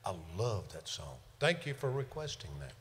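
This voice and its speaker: A man's voice: medium pitch, very animated, normal speed. Folksy older man telling stories. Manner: folksy, joking storyteller. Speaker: singer hosting a livestream show. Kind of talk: casual banter between songs. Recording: reverberant room with music.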